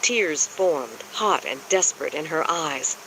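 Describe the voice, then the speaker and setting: A man narrating a romance audiobook in a measured, even reading style. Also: on the high side, noisy background. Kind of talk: scripted narration.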